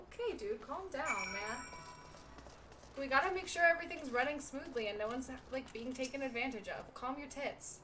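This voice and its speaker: A woman's voice: high voice, expressive, moderate pace, bright, forceful tone, slight background noise. A woman streaming a game, reading the dialogue aloud and cracking self-mocking jokes at her own voices. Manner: jokey, self-mocking asides.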